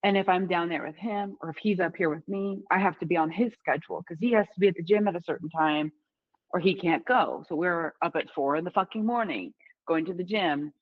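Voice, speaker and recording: Candid, low-voiced woman co-hosting a podcast. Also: brisk, no room sound, phone-quality sound. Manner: candid, swears casually, laughs often. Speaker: podcast co-host. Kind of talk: casual podcast chat.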